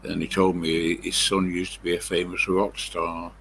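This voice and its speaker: An older Englishman tells a long, rambling story on his live stream, stopping often for fillers. His voice sits low with a gravelly rasp, and he takes his time. A faint hiss runs under it. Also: level tone, fairly bright tone. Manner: meandering storytelling with many pauses and fillers.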